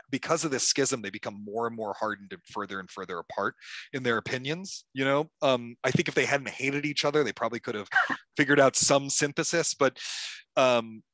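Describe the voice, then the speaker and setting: Man, author interviewee, bright tone, dry sound, animated storytelling, frequent fillers. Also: mid-range voice, no room sound. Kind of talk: conversational interview. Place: stage talk at a club event.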